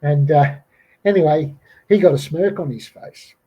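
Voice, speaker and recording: A man's voice: on the high side, measured pace, breathy edge, muffled recording. A middle-aged Australian man telling a bush camping story in casual fashion, full of fillers and restarts. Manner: rambling, many fillers and restarts, quotes people in raised voices. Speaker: podcast guest recounting an encounter.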